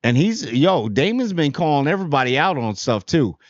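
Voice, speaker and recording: A man's voice: on the high side, sing-song, fairly quick, dry recording, lo-fi sound. A man casually reviewing a TV episode in a rambling, slangy way, paraphrasing characters as he goes. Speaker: show host reviewing TV.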